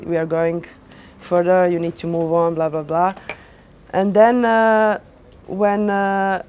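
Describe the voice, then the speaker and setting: A young woman DJ telling her story to an audience in animated, non-native English with small grammar slips, lots of fillers and restarts. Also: on the low side. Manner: animated, acts out quoted dialogue. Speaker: DJ giving a lecture.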